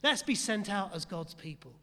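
A man delivers a sermon in a notably high voice, driving his points home with repeated phrases and questions put to the congregation. His words ring out with a long reverb, as if heard in a church hall. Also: animated, moderate pace, pushed and bright. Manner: rhetorical, repetitive emphasis, asks the congregation questions. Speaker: pastor.

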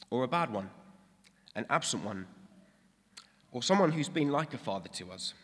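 A young British man preaches in an earnest, reflective way, weaving personal stories into his sermon. His voice sits at a middling pitch and rings out into the long reverb of a big hall. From Britain. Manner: warm, earnest, reflective storytelling. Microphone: stage mic, later handheld.

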